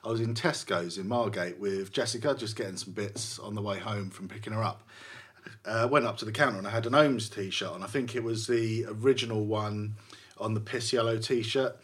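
A man's voice: fairly low pitch, normal speed. A man co-hosting a podcast, chatting casually with dry, laid-back wisecracks. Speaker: podcast co-host. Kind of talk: casual chat.

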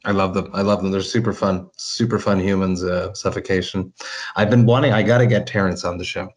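A man with a lowish voice talks as a guest in a relaxed interview. He is a metal vocalist, chatty and enthusiastic, with frequent restarts as he explains his singing. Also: fairly quick, husky. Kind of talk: casual interview chat.

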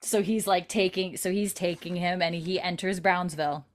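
A woman's voice: lowish voice, fairly even intonation, normal speed. A woman in casual chat, animatedly recapping a TV episode, laughing and swearing as she tells it.

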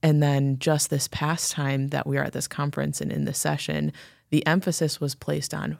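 Gravelly woman, flat reflective delivery. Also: low voice, moderate pace, no room sound, clean studio sound. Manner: reflective, frequent affirming murmurs. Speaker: podcast co-host. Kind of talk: casual conversation about church.

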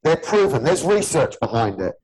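A man's voice: medium pitch, sing-song, moderate pace, darkish tone, slightly rough, rough recording. A man in his early forties, a gym owner, talks bluntly and earnestly in a casual podcast chat. He swears freely and keeps calling the other man "mate". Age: 40s. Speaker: gym owner and personal trainer, podcast host.

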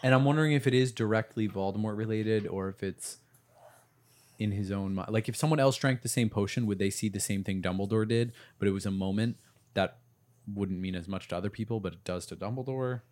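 A man's voice: on the low side, brisk, a little mellow. Man musing through theories aloud. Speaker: podcast co-host. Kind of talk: casual book discussion.

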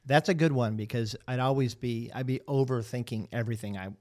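A man's voice: medium pitch, fairly quick, a little mellow. A man chatting casually on a podcast, easygoing and laughing between thoughts. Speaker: podcast guest.

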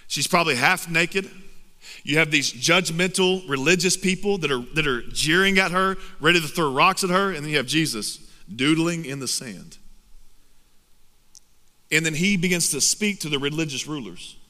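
A man preaching a sermon as pastor, impassioned, moving between loud urging and hushed intensity. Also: fairly high pitch, moderate pace. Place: church hall. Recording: long reverb of a large hall with music behind.

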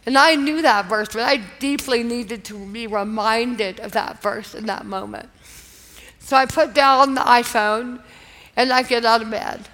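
A woman with a bright, high voice tells a personal faith story to a live audience. She speaks earnestly and with feeling, in a loose conversational manner. Her voice rings out with a long hall reverb from the venue. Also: steady tone, a little slow. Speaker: guest speaker.

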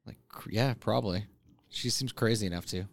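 A man's voice: lowish voice, a little fast, gravelly, dry recording. A man co-hosting a podcast, blunt and sarcastic in crude casual banter. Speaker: podcast co-host.

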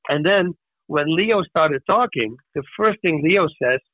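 A man on a podcast, telling personal stories in a lively, animated way and acting out the voices of the people in them. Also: fairly high pitch, measured pace, no room sound. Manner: animated storyteller who acts out voices. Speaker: podcast guest. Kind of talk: casual storytelling. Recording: tinny phone-like dry sound.

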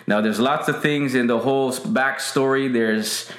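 A man's voice: medium pitch, fairly even intonation, normal speed, a bit bright. A man preaching a casual, emphatic sermon to an online audience, repeating his key lines and greeting viewers by name. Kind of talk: livestream sermon. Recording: roomy echo.

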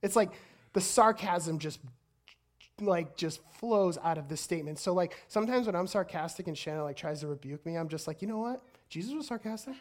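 Energetic woman preaching a sermon. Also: fairly low pitch, normal speed. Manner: energetic, stumbles and repeats words.

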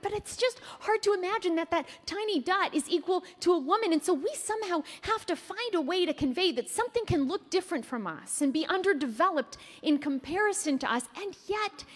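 A woman from Canada in her thirties giving a fast, playful keynote speech, quizzing her live audience with questions and quick asides. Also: very high-pitched. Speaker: keynote speaker. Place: large hall before an audience. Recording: long hall reverb.

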